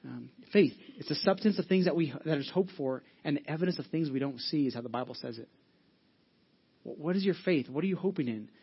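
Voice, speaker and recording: A man's voice: a little high, lively intonation, brisk, gravelly, husky, highs cut off. A male pastor giving a sermon in an earnest, conversational way, often restarting his sentences. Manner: earnest, conversational preaching with frequent restarts and fillers.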